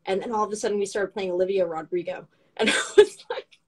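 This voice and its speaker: A woman's voice: medium pitch, fairly even intonation, fast talker, a little mellow. A woman chatting casually as co-host, upbeat and bubbly with lots of filler words. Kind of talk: casual chat.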